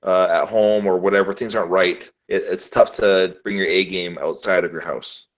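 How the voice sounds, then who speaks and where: A man co-hosting a film podcast over a remote call, speaking hesitantly with many pauses. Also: low-pitched, fairly even intonation. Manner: hesitant, many "uh" fillers, measured. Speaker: podcast co-host. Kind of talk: casual film discussion.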